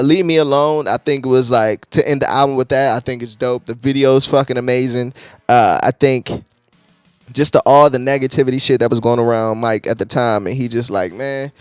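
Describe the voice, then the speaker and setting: A young man reviewing music in a casual, excitable, slangy, rambling way. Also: medium pitch, no echo.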